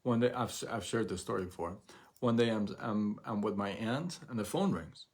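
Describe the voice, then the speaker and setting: A man hosting a casual motivational livestream, animated and rambling, repeating himself and acting out what people say. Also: on the low side, moderate pace, slightly rough. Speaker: live show host.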